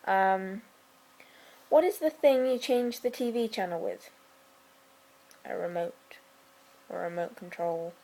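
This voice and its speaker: A young Welsh-accented vlogger from South Wales chats casually through a list of questions, with deadpan, dry humour and quiet whispered asides. Her medium-pitched voice is a little slow with frequent pauses, and the audio is poor.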